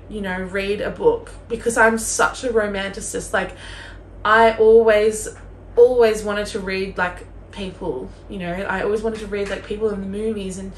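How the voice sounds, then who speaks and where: A young woman chatting casually in a vlog as a book vlogger, gushing and peppering her talk with "like". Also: mid-range voice. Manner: gushing, chatty, heavy use of "like". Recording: roomy echo with faint room noise.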